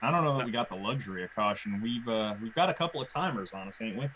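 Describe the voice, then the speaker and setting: A man's voice: lowish voice, expressive, fast talker, fairly bright tone, rough recording. A man at a tabletop game who speaks plainly and hesitates a lot. Faint ambient noise sits behind his voice. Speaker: player. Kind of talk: casual tabletop play.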